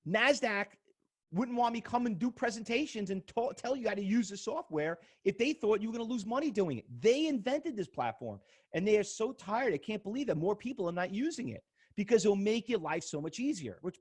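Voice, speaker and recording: Middle-aged male trading instructor, live seminar, emphatic and excitable, high and lively delivery. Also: fairly quick, husky. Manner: excitable and emphatic, repeats words, acts out arguments. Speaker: trading instructor presenting at an expo. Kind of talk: animated live seminar talk to an audience.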